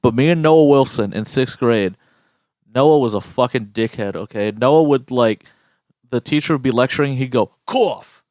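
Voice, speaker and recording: Young man, podcast co-host, profane storyteller, medium pitch, dry close sound. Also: moderate pace, a little mellow, dry recording. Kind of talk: casual chat.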